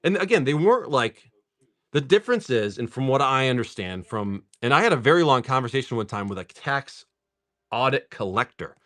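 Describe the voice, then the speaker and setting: On a livestream, a card seller with a medium-pitched voice talks fairly quickly, spinning a long, casual story while opening card packs. He's chatty and animated, tossing in "dude" and "like" all the time.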